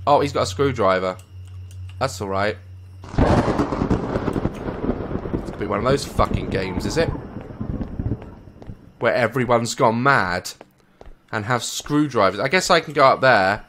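A young English man giving jokey, swearing commentary while playing a horror game, with loud startled yelps. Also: mid-range voice, unhurried, pauses often, very noisy. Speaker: gaming YouTuber. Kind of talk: let's play commentary.

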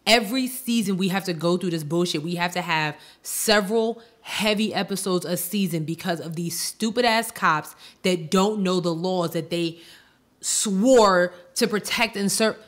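A woman's voice: on the low side, moderate pace. A woman co-hosting a podcast in casual chat, weary and exasperated, who repeats herself. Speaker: podcast co-host.

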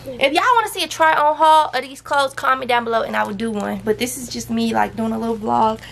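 A woman's voice: on the high side, steady tone, quick pace, creaky, fairly bright tone. A young woman, chatting to viewers in a casual haul vlog and scolding her toddler now and then. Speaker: vlogger. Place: home. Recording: noisy home recording.

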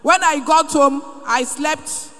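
A woman giving an emotional testimony in a large church, fervent and sometimes rising to a shout. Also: high-pitched, takes it slowly. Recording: echoey hall.

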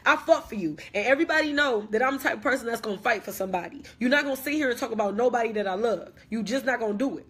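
Young woman, high husky voice, emphatic and repetitive live-stream rant, hurt but defiant. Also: animated, rapid-fire, few pauses, a bit bright. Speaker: livestreamer. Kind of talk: impassioned casual live video rant. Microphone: phone on a live stream.

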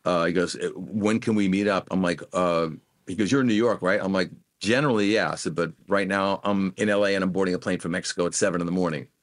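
With a deep voice and fast delivery, a middle-aged guest musician shares career stories in an interview, animatedly acting out quoted voices. There's no room sound on the recording.

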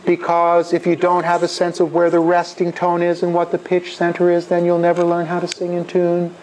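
Leading an interactive music workshop, a middle-aged education professor talks at a moderate pace in an animated way, with a voice slightly higher than typical for a man. He demonstrates through sung chants, and faint room hiss sits under his speech.

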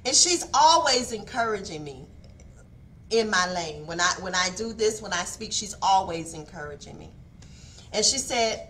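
A woman's voice: fairly low pitch, animated, a little slow, a bit bright, a little hiss or hum. A woman giving a morning devotional talk, preachy, repeating words for emphasis and calling for responses. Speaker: devotional speaker. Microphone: online stream mic.

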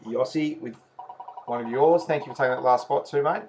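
Australian man, raffle host, chatty name-calling, mid-pitched voice, noisy recording. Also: a little fast, a little mellow. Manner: chatty, calls names and counts spots. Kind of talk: live raffle wheel commentary.

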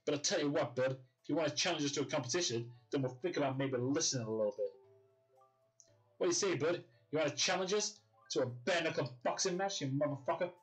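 A man's voice: fairly high pitch, fast, faint music behind, pitched above the performer's own voice, close to an everyday voice, low-quality recording. A Yorkshire man reading out the lines of a cocky, threatening boy gang leader from a video game, crude and full of swearing. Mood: taunting. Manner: crude, swearing, mock-menacing.

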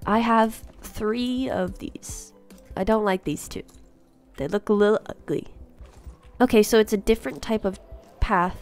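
A woman giving excited first-reaction commentary on a game update, gasping, giggling and repeating herself. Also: medium pitch, unhurried, long pauses. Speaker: gaming YouTuber. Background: faint background music.

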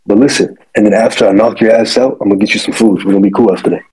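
A man's voice: lowish voice, steady tone, rapid-fire, a little mellow, breathy edge, low-quality recording. A man on a video call hurling aggressive, profane threats at a rival. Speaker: streamer and fighter. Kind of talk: trash-talking video call.

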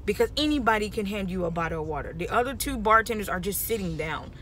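Animated woman telling a story, bright voice. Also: medium pitch, quick pace, a little hiss or hum. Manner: animated, repeats "okay?" constantly. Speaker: vlogger. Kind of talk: casual storytelling vlog.

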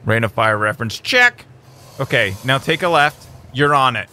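A man hosting a gaming channel, giving chatty, excitable let's-play commentary that keeps bursting into high squeals. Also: brisk, slight background noise.

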